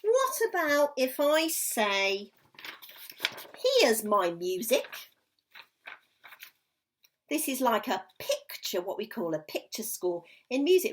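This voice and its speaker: A woman's voice: on the high side, sing-song, slow, a little hiss or hum, low-quality recording. A woman teaching a recorded music lesson to young children at home, in a sing-song, encouraging way that draws words out. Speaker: primary school music teacher.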